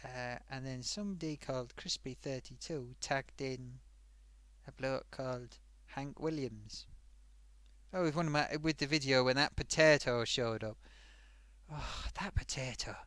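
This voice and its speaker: A man's voice: mid-range voice, unhurried, a bit bright, dry recording. A man hosting a casual live stream, reading out forum comments with a chatty, self-amused manner.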